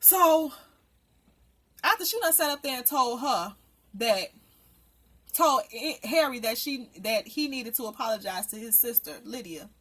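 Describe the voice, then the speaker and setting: Woman reviewer, a touch high, husky, and profane in a casual recap. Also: animated, a little slow, pauses often, a bit bright. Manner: blunt, profane, indignant storytelling. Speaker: reality TV reviewer. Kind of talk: casual episode recap and commentary.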